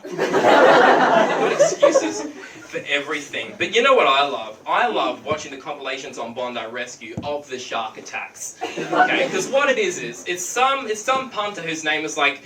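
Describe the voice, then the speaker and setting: Animated Australian man doing stand-up, roomy and distant. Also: a little high, background noise. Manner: animated storytelling, slipping into quick character voices. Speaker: stand-up comedian. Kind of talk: stand-up comedy set. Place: comedy venue with a live audience. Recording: roomy, distant mic with loud audience laughter.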